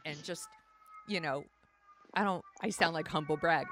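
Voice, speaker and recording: A woman's voice: on the low side, moderate pace, noisy background. A woman in her forties co-hosting a podcast, chatting casually with lots of fillers and self-mocking humor. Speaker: podcast co-host. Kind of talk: casual chat.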